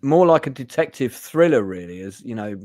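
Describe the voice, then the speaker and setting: A man's voice: medium pitch, big pitch swings, brisk, warm tone, no room sound, studio quality. A man hosting a casual film review chat, hesitant with many fillers. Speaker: host.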